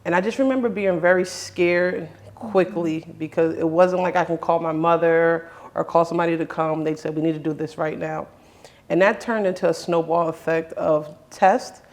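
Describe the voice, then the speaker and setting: A man's voice: fairly high pitch, creaky. Earnest man hosting, telling his story. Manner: earnest, with many restarts and quoted dialogue. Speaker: host. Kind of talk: personal storytelling in a conversation.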